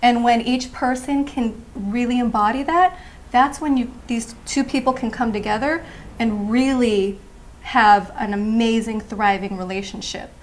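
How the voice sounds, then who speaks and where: A woman guest who teaches sensuality, answering calmly and often affirming with "absolutely". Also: a little high, unhurried, a little hiss or hum. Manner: calm, affirming, repeats "absolutely". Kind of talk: interview answers.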